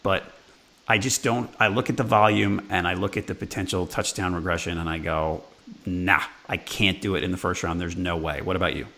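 Gravelly low-voiced podcast host. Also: male voice, steady tone, brisk, fairly bright tone. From New York, USA. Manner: conversational, self-deprecating, trails off mid-thought. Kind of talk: casual sports podcast chat.

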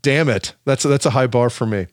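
A man's voice: mid-range voice, normal speed, no room sound, studio quality. A man hosting an interview podcast, chatting casually and making self-deprecating jokes. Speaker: podcast host.

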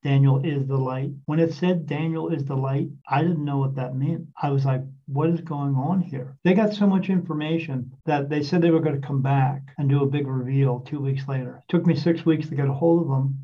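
A man in his fifties from New Jersey, appearing as a guest, tells a long personal story in a rambling, earnest way, restarting often. His voice is fairly high and a little fast, with hardly any pauses. The casual storytelling is captured in a distant, dull lo-fi recording.

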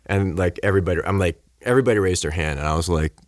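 A man's voice: low-pitched, rapid-fire, dry recording, studio quality. A man chatting as a podcast guest, telling a story with lots of fillers and acting out what people said to him. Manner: animated, acts out quoted dialogue; many fillers like "like" and "you know". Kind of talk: casual storytelling chat.

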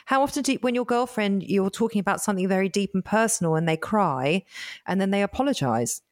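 A woman's voice: mid-range voice, expressive, quick pace. A woman who works as a coach, co-hosting a podcast and steering the chat emphatically. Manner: emphatic, drives the discussion.

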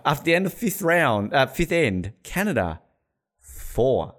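A man hosting a casual sports chat, rambling and joking with frequent laughs. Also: a little slow. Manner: rambling, jokey, laughs often, lively pitch. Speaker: podcast host.

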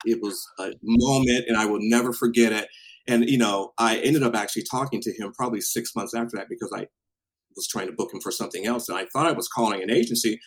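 A man casually telling a story from his past, animated and acting out what people said, with some swearing. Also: mid-range voice, slightly rough, poor audio. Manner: animated, acts out quotes, swears.

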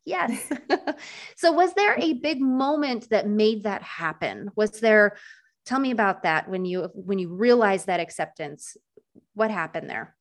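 A woman's voice: mid-range voice, animated, a little slow. A woman hosting an interview podcast, speaking in an effusive, enthusiastic way. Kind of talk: conversational interview.

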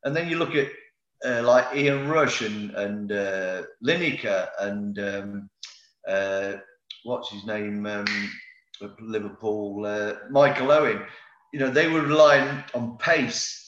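A middle-aged former footballer, speaking slowly in a fairly low, fairly bright male voice, tells rambling anecdotes in a casual interview. His speech is full of fillers and restarts, and the recording sounds roomy and slightly dull.

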